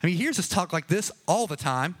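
A man's voice: high-pitched, lively intonation, quick pace. A man preaching a casual, conversational sermon, chatty and joking with many asides. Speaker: pastor.

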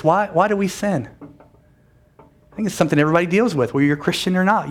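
A man preaching a sermon in a church, animated and conversational, with quick self-correcting asides. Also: on the high side. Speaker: pastor.

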